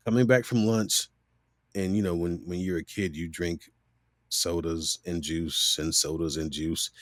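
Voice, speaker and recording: Animated man telling stories, dry close mic. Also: on the low side, dry recording. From Miami, USA. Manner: animated storyteller who acts out quoted voices. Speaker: voice actor guest. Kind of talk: casual interview storytelling.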